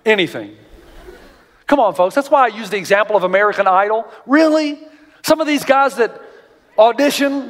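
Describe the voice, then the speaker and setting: A man with a high voice delivers a sermon as a pastor. He tells stories with lively animation, his voice jumping up to act out others. The sound carries a long reverb from a large church auditorium. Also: moderate pace, pauses often. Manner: animated storytelling, jumps high for quoted voices.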